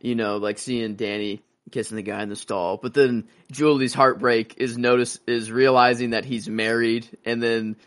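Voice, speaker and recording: A man's voice: mid-range voice, level tone, moderate pace, hardly any pauses, a bit bright. A man co-hosting a casual movie-discussion podcast, rambling and acting out scenes in character voices. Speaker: podcast co-host.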